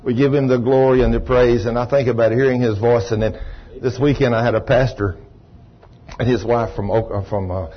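Folksy preacher, muffled recording. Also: male voice, medium pitch, fairly even intonation, fairly quick. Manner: folksy, rambling storyteller with shouted bursts of praise. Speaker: pastor. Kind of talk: sermon storytelling.

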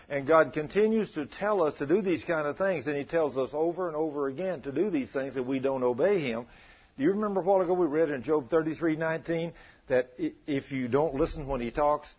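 A man preaching a sermon, telling folksy stories with a chuckle in a husky voice. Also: on the high side, a little fast, highs cut off.

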